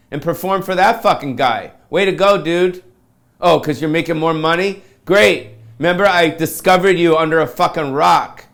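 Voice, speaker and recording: A comedian man rants to camera in a gravelly voice that sits a touch high. He swears freely, pities himself and talks in loose surfer-dude slang. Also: normal speed, fairly bright tone. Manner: profane, self-pitying, ranting.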